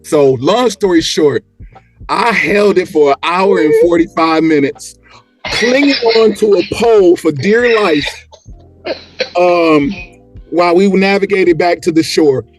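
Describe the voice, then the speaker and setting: A man telling a story as a podcast guest, animated and acting out the quotes and motions as he goes. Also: high voice, a little slow, soft background music. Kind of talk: casual storytelling.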